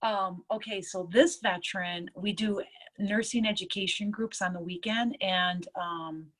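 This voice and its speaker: A woman nurse telling stories from her work in a casual interview, lively and acting out what others said. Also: medium pitch, unhurried. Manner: lively storyteller, acts out others' lines. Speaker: nurse and EFT tapping practitioner.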